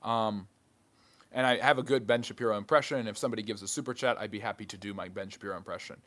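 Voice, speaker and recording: A man hosting a live history stream, reading chat questions aloud and answering with quick, dry jokes. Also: on the low side, fairly even intonation, fairly bright tone.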